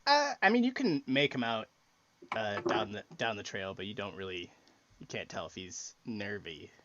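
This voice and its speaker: A man running a tabletop game as game master, talking haltingly with many fillers and restarts. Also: on the low side, sing-song, a bit bright, lo-fi sound.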